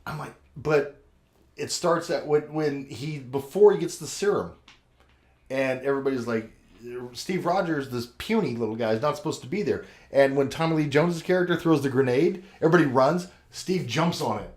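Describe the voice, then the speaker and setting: A man's voice: mid-range voice, normal speed, darkish tone, reverberant. A man co-hosting a casual podcast chat, gushy and emotional, who swears freely. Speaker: podcast co-host.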